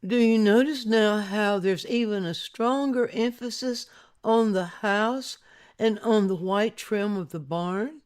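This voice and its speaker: Slow, patient art instructor narrating. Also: medium pitch, clean tone. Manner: patient, explanatory, prompts viewer to look closely.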